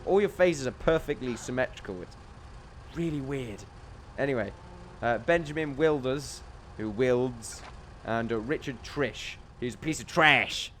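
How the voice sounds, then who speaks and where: Rambling English lad commentating a game. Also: male voice, mid-range voice, measured pace, fairly bright tone, slight background noise. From England. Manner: rambling, jokey, chuckles often. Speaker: let's play host.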